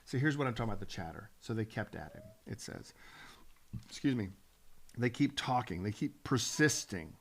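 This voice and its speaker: A man's voice: lowish voice, lively intonation, moderate pace, vocal fry. Earnest man teaching scripture. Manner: earnest, builds up steam, frequent restarts. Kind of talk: Bible teaching on a talk show.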